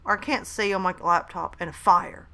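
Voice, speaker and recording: A woman's voice: fairly low pitch, fairly even intonation, normal speed, sharp tone. A woman, chatting casually on a live stream at home, hyper and talkative as she reads out messages from chat. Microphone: desk microphone at a laptop.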